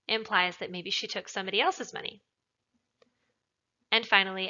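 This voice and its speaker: Woman tutor, bright clear explainer, lesson narration on a dull lo-fi recording. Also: mid-range voice, moderate pace. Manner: clear, explanatory, leans on stressed words. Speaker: writing tutor.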